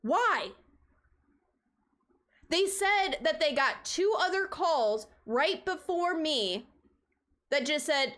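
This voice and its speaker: A woman's voice: high-pitched, expressive, takes it slowly, long pauses, fairly bright tone. A woman streamer telling a story in a heated, profane, emphatic way. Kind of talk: casual storytelling rant.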